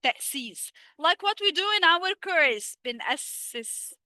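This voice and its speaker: On a dry recording, a woman with a high-sitting voice, lively intonation and a bright, forceful tone teaches a live online English lesson. She is a native Arabic speaker with an Egyptian accent who asks questions and answers them herself, speaking English slowly and her Arabic asides fast.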